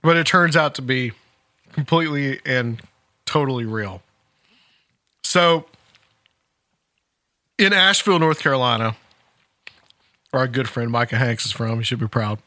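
Bright, amused man reading the news aloud. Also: medium pitch, lively intonation, unhurried, pauses often, no echo. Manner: amused, laughs while reading. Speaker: podcast host. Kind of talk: casual commentary reading a news article.

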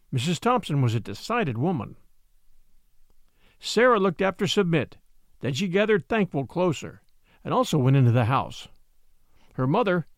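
A man reading an old storybook tale aloud, narrating in an expressive, unhurried way. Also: a little high, dry recording, studio quality.

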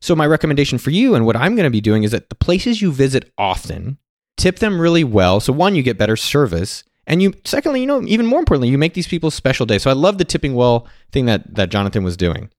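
A man telling a story and sharing advice in a casual monologue, animated and acting out the people he quotes. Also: mid-range voice, fast, dry recording, clean studio sound. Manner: animated, quotes others in lively put-on voices.

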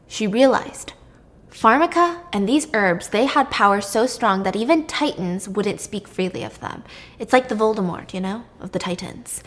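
A young woman casually retelling a myth, lively and irreverent, with casual swearing. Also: mid-range voice. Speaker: storyteller.

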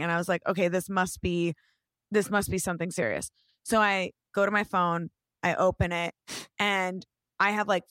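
A woman in her thirties casually telling an animated story, swearing now and then and acting out what people said. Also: mid-range voice, dry recording, studio quality.

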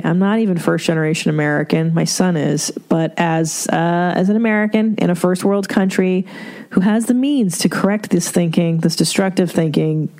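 Her pitch sits fairly low and her tone is on the dark side. She's a middle-aged podcast host giving advice in a relaxed monologue, frank and foul-mouthed, with laughter and rhetorical asides along the way.

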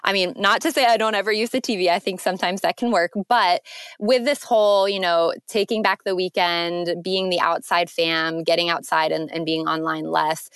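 A woman with a slightly low voice talks earnestly in a casual podcast chat. She leans on "like" a lot and lifts her voice when she gets excited. The sound is dry and close. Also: moderate pace, clear, resonant tone, dry recording. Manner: earnest, animated, frequent "like" fillers. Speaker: podcast guest.

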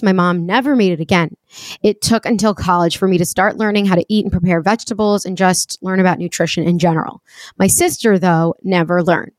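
A woman's voice: fairly low pitch, no room sound. A woman from Long Island hosting a casual podcast, reading a listener letter aloud and chatting playfully with co-hosts. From Long Island, New York. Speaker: podcast host.

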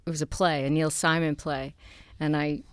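A middle-aged actress from Queens, with a New York accent, chats casually as a guest in a studio interview, laughing often and restarting her sentences. Her voice is low and clean, with little pitch movement and normal speed. The recording is dry and made on a studio mic.

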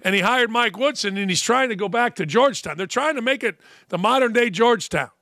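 A man's voice: very high voice, brisk, no room sound. A man hosting a sports talk show, delivering a brash, mocking monologue of opinionated commentary from a studio. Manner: brash, mocking, animated rants.

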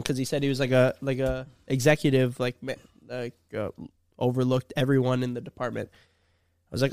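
Young man, casual storyteller, smooth clear voice, dry close sound. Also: mid-range voice, little pitch movement, normal speed, a little mellow, no echo. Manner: laid-back storyteller, acts out quotes. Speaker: YouTuber. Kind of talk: casual podcast chat.

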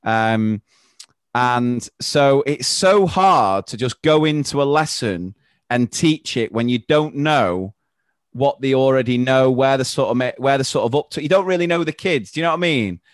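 A man hosting a podcast, telling chatty school anecdotes and laughing easily. His pitch sits in the middle. The sound is dry and close to the mic. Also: animated, normal speed, no room sound. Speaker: podcast host, primary school teacher. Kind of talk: casual podcast chat.

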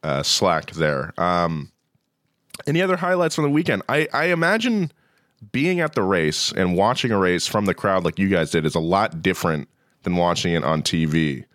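Very deep-voiced man, lively and dry. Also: normal speed, dry recording. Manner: laughs along, short reactions, asks questions. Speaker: podcast co-host. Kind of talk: casual chat.

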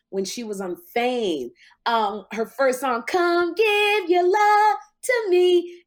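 Animated woman in her fifties telling a story. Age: 50s. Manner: emotional, lively, big pitch jumps when quoting. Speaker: talk show host.

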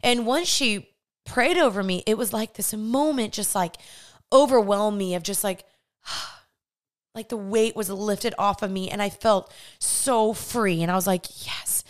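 Young woman sharing her testimony, smooth voice. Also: medium pitch, a little slow. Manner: animated, acts out remembered voices. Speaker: podcast host. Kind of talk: personal testimony monologue.

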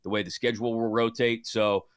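A man talking college football bets in a loose, jokey way. He pokes fun at himself as he breaks down matchups. His voice is close and dry, at an average pitch for a man. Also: a little fast, clear, resonant tone, no room sound. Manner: animated, self-deprecating, jokey. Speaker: guest sports betting analyst. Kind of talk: casual sports betting chat.

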